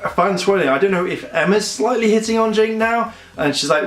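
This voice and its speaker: A man's voice: sits high, fast talker, few pauses, fairly bright tone, faint music behind. A man reviewing a TV episode in a casual, rambling way, with many fillers, acting out characters' lines. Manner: rambling, many fillers, acts out quotes in voices. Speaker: show reviewer. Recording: roomy echo.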